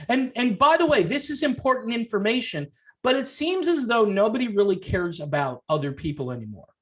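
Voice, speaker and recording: Man on a yelling, sarcastic rant. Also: high voice. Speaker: music commentary vlogger. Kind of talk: heated rant to camera.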